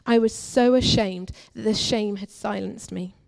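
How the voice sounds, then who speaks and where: A young adult woman, a guest preacher at a church, giving an earnest, confessional testimony that moves between forceful and hushed. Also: medium pitch, fairly even intonation, measured pace, creaky. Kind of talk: personal testimony sermon.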